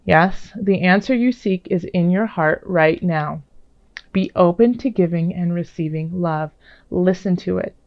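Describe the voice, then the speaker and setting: A woman doing a tarot reading in a casual, gentle, reassuring way, with many fillers. Her voice is a little raspy while it recovers. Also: lowish voice, unhurried, no echo, highs cut off. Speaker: tarot reader. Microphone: own microphone.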